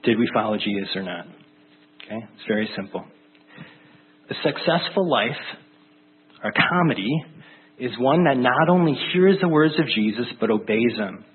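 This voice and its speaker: A man's voice: medium pitch, animated, moderate pace, long pauses, slight background noise. A male pastor preaching a casual sermon in a rambling, conversational way full of fillers. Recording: tinny phone-like sound.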